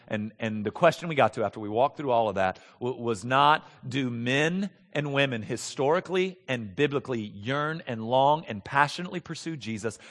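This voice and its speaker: A man's voice: mid-range voice, a bit bright. A man preaching a sermon as pastor, earnest and emphatic, often repeating words as he builds his points. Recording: long hall reverb.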